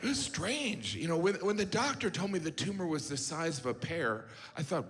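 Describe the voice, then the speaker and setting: A middle-aged male stand-up comic with a slightly raised voice that swings widely in pitch, delivering deadpan, self-mocking lines. His stage mic carries a long hall reverb over a loud background ambience. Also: moderate pace, few pauses. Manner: deadpan, self-deprecating, dips into character voices. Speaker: stand-up comedian. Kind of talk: stand-up comedy set. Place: comedy theater stage.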